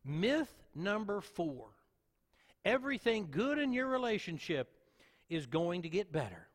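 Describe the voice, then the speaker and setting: Pastor, male, high-pitched, earnest sermon delivery with emphatic repeats, long hall reverb. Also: big pitch swings, a little slow. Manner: earnest preaching with repetitions for emphasis.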